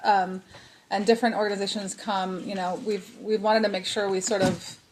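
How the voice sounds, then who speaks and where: A woman chairs a committee meeting, her speech loose and casual, full of you knows and restarts. Her mid-pitched voice carries a faint hiss of noise behind it. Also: level tone, moderate pace, low-quality recording. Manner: casual, hesitant, with many fillers. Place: public meeting room.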